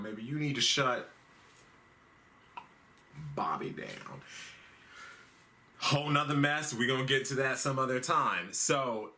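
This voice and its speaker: A man's voice: medium pitch, pushed and bright. A man hosting a comedic news recap, rambling in a loose, slangy, profane way. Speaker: host.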